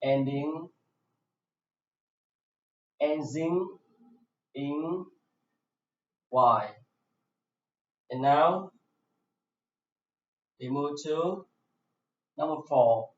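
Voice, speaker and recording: A man with a Vietnamese accent, a native Vietnamese speaker teaching an English class, going very slowly and saying each word several times over. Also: fairly high pitch, a little hiss or hum. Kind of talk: slow classroom explanation. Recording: echoey room, dull lo-fi sound.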